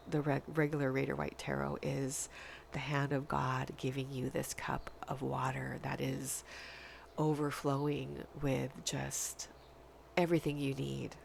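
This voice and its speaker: A woman giving a spiritual tarot reading, speaking in a dreamy, halting way with long pauses. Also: extremely low pitch, vocal fry, darkish tone, slight background noise. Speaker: tarot reader.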